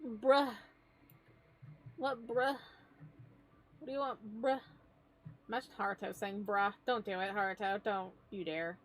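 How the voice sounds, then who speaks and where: A woman's voice: mid-range voice, steady tone, measured pace, pauses often. A young adult woman streaming as she draws, chatting casually in a gushing, playful, slangy way. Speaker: streamer drawing live. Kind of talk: casual live-stream chat.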